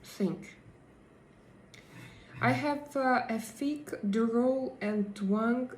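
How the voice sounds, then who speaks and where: A woman hosting a live stream and chatting with viewers, hesitant and pausing often as she searches for her English words. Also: fairly high pitch, darkish tone, roomy sound, slight background noise, low-quality recording. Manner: hesitant, many pauses and fillers while searching for English words. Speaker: livestream host. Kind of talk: casual live chat, answering viewer comments.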